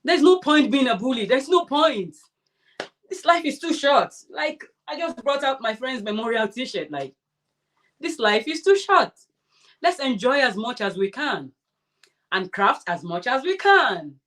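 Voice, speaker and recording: A woman hosting a crafting livestream, chatting casually and warmly answering her viewers' comments. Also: high voice, sing-song, a little slow. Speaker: crafting channel host.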